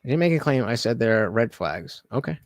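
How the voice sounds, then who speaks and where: A man's voice: medium pitch, very animated, a little fast, dry recording, studio quality. A man hosting a live stream, talking casually and sarcastically, swearing and mocking others with exaggerated voices. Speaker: livestream host.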